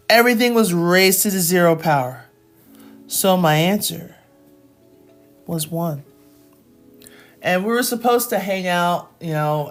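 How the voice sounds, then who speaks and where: A woman teaching math in a casual, chatty way, telling stories, laughing often and saying "like" a lot. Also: low voice. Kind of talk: casual lesson with storytelling.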